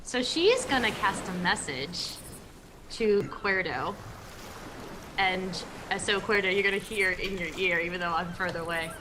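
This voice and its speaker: A woman's voice: mid-range voice, lively intonation, normal speed, background noise. A woman playing a tabletop game, chatty and giggly. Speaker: player.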